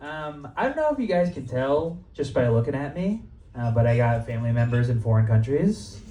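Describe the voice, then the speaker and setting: A man's voice: mid-range voice, big pitch swings, brisk, dark tone. A young man doing a stand-up comedy set in a club, casual and profane, laughing at his own jokes. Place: comedy club stage before a live audience. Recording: roomy live club sound, mic at a distance, crowd. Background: audience laughter and cheers.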